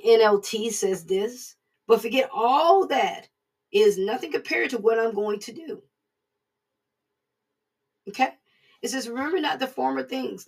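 Casual devotional preacher, raspy and a bit breathy, distant mic, repeats lines for emphasis. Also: mid-range voice, unhurried, pauses often. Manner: conversational, repeats points for emphasis.

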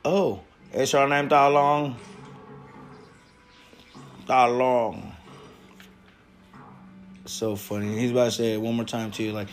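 A man hosting a casual reaction chat from a garage, loud and profane, breaking into shouts and laughter. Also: mid-range voice, little pitch movement, measured pace, pauses often, soft background music. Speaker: host of a smoking stream show.

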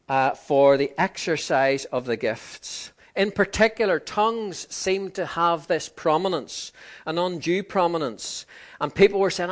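Male preacher, slightly high voice, chatty sermon delivery with acted-out quotes. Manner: conversational, acts out quoted voices with lively pitch swings.

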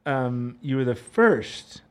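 Slow-talking man hosting an interview. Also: mid-range voice, animated. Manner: slow, halting questions with many fillers. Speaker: interview host. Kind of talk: casual interview.

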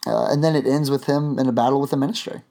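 A man's voice: medium pitch, steady tone, rapid-fire, creaky, mellow. A man hosting a podcast, chatting casually and rambling with lots of fillers and restarts. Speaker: podcast host.

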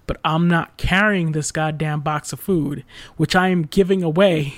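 A man's voice: a little high, moderate pace, dry recording, studio quality. A man telling a casual story in a rambling, exasperated way, full of fillers and the odd swear word.

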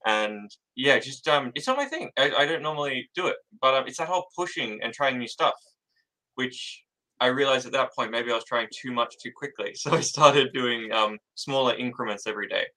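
A man with a bright, forward voice chats as a guest in an interview. He is jittery and rambling, trips over his own sentences, and laughs often at himself. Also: mid-range voice, expressive, moderate pace, low-quality recording. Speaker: author guest. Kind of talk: casual interview chat.

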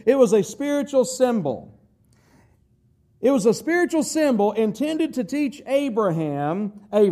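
A man's voice: very high voice, darkish tone. A middle-aged man, a pastor, preaching a sermon in a conversational way, with asides and quoted voices.

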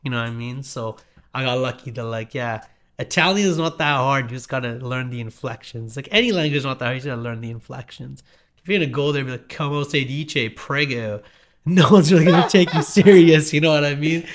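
Laid-back guy guesting on a podcast, slangy, talks fast in bursts. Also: mid-range voice. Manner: relaxed, slangy, quick bursts. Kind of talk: casual podcast chat.

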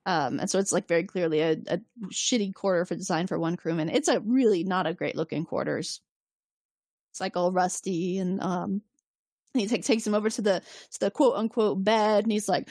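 A woman on a podcast walks through a plot in a loose, animated way. She slips into little character voices and swears freely. Her voice sits in a middle range, and the sound is dry and close to the mic. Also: mid-range voice, brisk, no room sound. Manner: animated storyteller, acts out characters' lines, swears casually. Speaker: podcast co-host. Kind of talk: casual recap chat.

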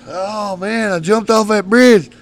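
A man's voice: sits high, slow pace, gravelly. A man, a podcast guest telling wild stories in a studio, laughing often and swearing freely. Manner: animated, laughs often, salty language. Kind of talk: rowdy storytelling.

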